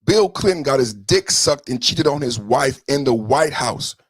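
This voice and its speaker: A man's voice: animated, a little slow, husky, no room sound. A man hosting a podcast livestream, ranting about politics in a combative, profane way, scolding his chat and repeating points for emphasis. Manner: emphatic repetition, swings between loud and low. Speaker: podcast host.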